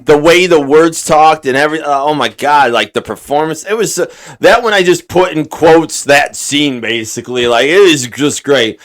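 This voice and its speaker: A man's voice: fairly high pitch, moderate pace, a bit bright. A man co-hosting a podcast in casual chat, rambling and swearing freely, with lots of fillers and restarts. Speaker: podcast co-host.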